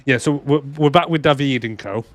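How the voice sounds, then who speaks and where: A man's voice: mid-range voice, brisk, dry recording. A young man, co-hosting a casual film podcast, laughing a lot and acting out lines in silly voices. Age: young adult. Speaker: podcast co-host. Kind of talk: casual film review chat. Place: cold room.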